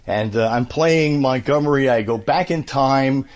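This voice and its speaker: A man in his fifties, a voice actor, telling stories in a casual interview with an animated, filler-laden manner. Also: mid-range voice, unhurried. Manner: animated storyteller, many fillers. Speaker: voice actor, guest.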